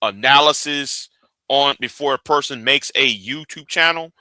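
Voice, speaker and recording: A man's voice: mid-range voice, a little slow, pushed and bright, dry recording. A man hosting a live stream, ranting and arguing, often stumbling and repeating his words as he restarts sentences.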